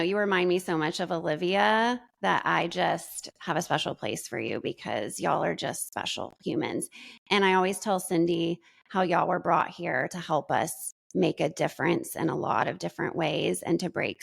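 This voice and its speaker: A woman's voice: on the low side, a little slow, creaky, no room sound, studio quality. A woman co-hosting a podcast in casual chat, effusive and full of praise. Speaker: podcast co-host.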